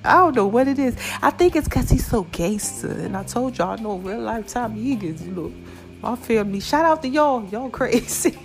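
Woman podcast host, high voice, chatty and preachy, faint music behind. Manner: lively, preachy and chatty, calls listeners "babies" and "child". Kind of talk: casual solo podcast talk.

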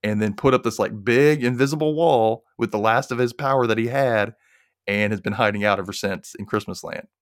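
Low-voiced man, dry close sound. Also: no echo. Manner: chatty, jumps into quick character voices. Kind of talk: casual movie recap.

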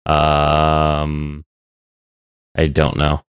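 A man co-hosting a casual podcast chat, rambling and hesitant with frequent pauses to find his words. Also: extremely low pitch, monotone, clean tone, dry recording, muffled recording. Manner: rambling, hesitant, many fillers and restarts. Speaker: podcast co-host.

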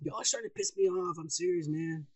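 A man co-hosting a podcast, loud and profane, who teases and shouts through drunken banter. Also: fairly high pitch, brisk, husky. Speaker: podcast co-host.

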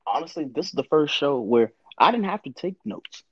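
A man's voice: on the high side, sing-song, slightly rough, no room sound. Laid-back man co-hosting, lo-fi sound. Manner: laid-back, blunt, quick murmured agreements. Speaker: podcast co-host. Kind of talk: casual chat.

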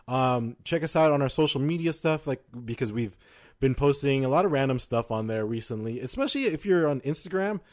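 A man's voice: mid-range voice, a little fast. Laid-back young man co-hosting a podcast. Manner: relaxed, laughs often, wraps up the show. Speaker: podcast co-host. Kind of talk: casual chat.

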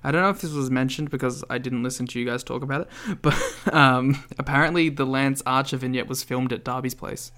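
A man's voice: mid-range voice, steady tone, a little fast, hardly any pauses, fairly bright tone, clear, resonant tone. A man co-hosting a podcast in casual chat, making dry, wry remarks. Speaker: podcast co-host.

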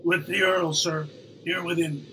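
A man's voice: on the high side, little pitch movement, a little slow, fairly bright tone, slight background noise, poor audio. An actor playing a blunt, loyal nobleman who speaks plainly and earnestly.

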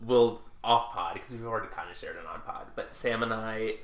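A man co-hosting a podcast, enthusiastic and quick to laugh while recapping a TV episode. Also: on the low side, a crowd in the background. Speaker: podcast co-host. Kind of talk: casual chat about a TV show. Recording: roomy echoey room.

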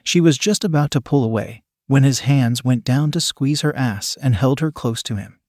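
A man reading a story aloud in a steady, scripted narration style. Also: mid-range voice, moderate pace, no room sound, clean studio sound.

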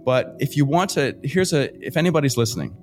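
A Canadian man recounts an adventure with lively energy, tossing in fillers and the odd curse. His voice sits mid-range, and soft music plays faintly behind him. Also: mid-range voice, fairly quick. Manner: lively, swears casually, frequent fillers. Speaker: guest adventurer. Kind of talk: animated storytelling.

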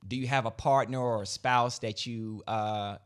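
A man in a casual podcast conversation, explaining his business in a relaxed way, often repeating words and restarting sentences. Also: mid-range voice, moderate pace, clear, resonant tone. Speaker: guest, credit business owner.

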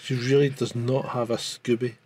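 A man's voice: medium pitch, little pitch movement, normal speed, darkish tone, slight background noise. A Scottish man co-hosting a podcast in casual chat, rambling and restarting his sentences. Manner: rambling, repeats words, frequent restarts. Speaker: podcast co-host.

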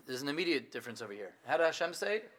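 A middle-aged man teaching a Torah class, animated, questioning his students and acting out what the figures say. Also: a little high, very fast, slight background noise.

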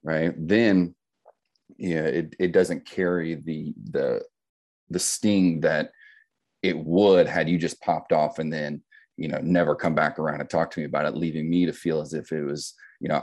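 A middle-aged man with a very low, deep voice talks in an easy podcast conversation. His tone is dark and mellow, and he explains his ideas reflectively, tagging his points with "right?". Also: fairly even intonation, measured pace. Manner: reflective, explains with metaphors, frequent "right?" tags.

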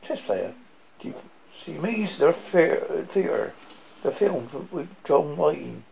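A gruff, gravelly old pub regular spinning a bawdy joke, his pitch lively and his voice husky, as a man reads him. It comes through a dull, lo-fi recording. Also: takes it slowly, slight background noise, exaggerated voice. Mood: joking. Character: gruff older man, pub storyteller and joker.

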